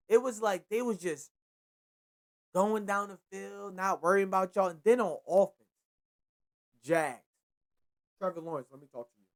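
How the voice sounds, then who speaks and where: A young man hosting a casual sports show, ranting in a slangy, profane and repetitive way. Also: sits high. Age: young adult. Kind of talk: casual sports commentary rant.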